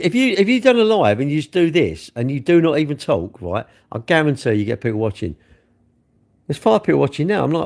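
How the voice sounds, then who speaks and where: A man's voice: medium pitch, big pitch swings, a little fast, a little mellow. A middle-aged man chatting loosely and self-mockingly on a late-night livestream from his bedroom, talking into his phone. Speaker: livestream host.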